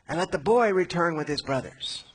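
A man's voice: a little high, expressive, moderate pace, husky, pitched above the performer's own voice. A man voicing a desperate older brother who begs in an anguished, raised voice during a sermon retelling. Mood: desperate pleading.

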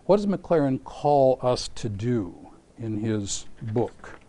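A man preaching a sermon in a relaxed, mellow voice of middling pitch. He brings a scripture story to life, acting out its voices and firing rhetorical questions at the listeners. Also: takes it slowly.

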